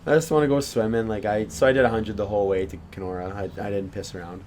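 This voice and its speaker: A man's voice: lowish voice, steady tone, fast talker, darkish tone, slight background noise. A young man co-hosting a casual podcast, telling a rambling story with swearing and laughs. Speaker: podcast co-host. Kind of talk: casual chat.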